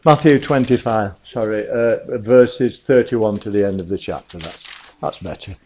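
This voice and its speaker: A man preaching a sermon, apologetic and flustered over his references, then reading scripture in a measured, solemn tone. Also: lowish voice, darkish tone.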